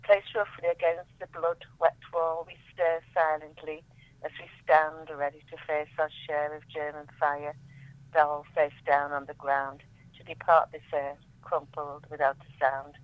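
A woman reading her own poems aloud in a measured, solemn way, then chatting about them. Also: sits low, flat delivery, dry recording, phone-quality sound. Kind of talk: poetry reading and radio chat.

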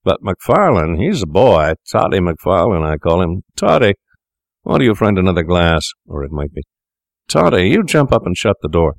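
A man's voice: low-pitched, sing-song, moderate pace, no room sound, clean studio sound. Man doing a coarse, bullying small rogue. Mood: taunting. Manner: mocking, bullying, taunting.

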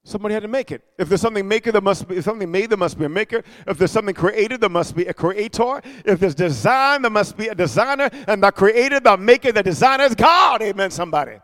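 A male preacher giving an emphatic sermon, calling out for amens and swinging between shouting and hushed asides. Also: high-pitched, animated, fast, few pauses, long reverb tail.

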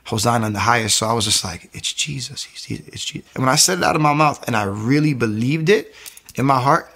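A man tells his faith testimony in a casual, storytelling way. His voice has a gravelly, creaky edge at a middling pitch. He acts out the people in his story and often repeats and restarts his words. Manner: animated storyteller acting out quoted voices. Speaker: testimony speaker.

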